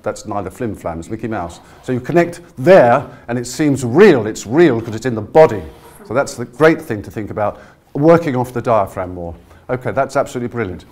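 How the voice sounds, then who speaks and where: Energetic man coaching a live audience. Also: medium pitch. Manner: energetic, encouraging, leads the audience through exercises. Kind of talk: live workshop demonstration. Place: conference room with a live audience. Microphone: no handheld mic, projecting to the room.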